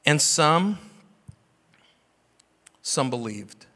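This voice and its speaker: A man's voice: fairly high pitch, animated, extremely slow, bright, forceful tone. Impassioned preacher man in a reverberant hall. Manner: impassioned preaching with rhetorical questions. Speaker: pastor. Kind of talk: sermon. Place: church sanctuary.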